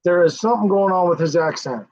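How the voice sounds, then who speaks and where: A man's voice: high voice, fast, darkish tone. An American man hosting a casual livestream, rambling and swearing, chuckling often as he talks to viewers. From United States. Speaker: livestream host. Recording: dull lo-fi stream audio.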